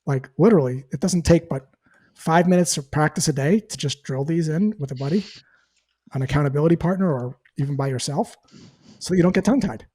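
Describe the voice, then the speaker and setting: A sales trainer answers interview questions in a teaching tone, acting out sample call lines to illustrate his points. His voice is on the high side, warm, slightly rough, and brisk.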